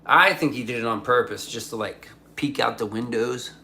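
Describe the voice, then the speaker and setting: A man's voice: mid-range voice, normal speed, creaky, pushed and bright, slight background noise. A young adult man rambling profanely in casual livestream chat, reading his chat aloud. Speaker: streamer.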